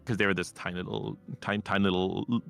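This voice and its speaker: A low-pitched man with a bright, forceful tone tells stories with cocky, teasing swagger. He chats loosely on a streaming mic, with faint music underneath. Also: flat delivery, quick pace, creaky. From Ireland. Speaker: collab guest streamer. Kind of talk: casual chat.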